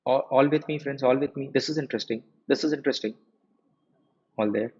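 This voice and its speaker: A man in his forties giving a live technical lecture as a software trainer. He repeats his key points and keeps quizzing the class with checking questions. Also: medium pitch, a little fast, husky. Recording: muffled lo-fi audio.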